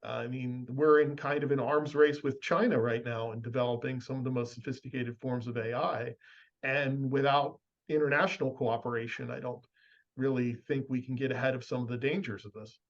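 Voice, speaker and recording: Measured male panelist, muffled audio. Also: mid-range voice, fairly even intonation. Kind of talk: panel discussion.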